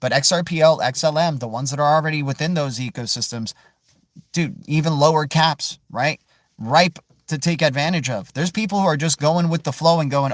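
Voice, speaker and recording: A man hosting a casual crypto livestream, answering viewer questions in an animated, emphatic way and tossing in "dude" and "man". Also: on the high side, a little fast, no echo. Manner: animated, peppers speech with "right?", "dude" and "man"; emphatic, swears mildly for emphasis.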